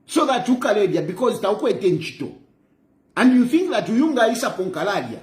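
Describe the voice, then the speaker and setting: A man's voice: high voice, big pitch swings, normal speed. A man with a Zambian accent, lecturing in a mocking way and repeating phrases for emphasis, recorded in an echoey room. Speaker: political commentator. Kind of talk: impassioned monologue.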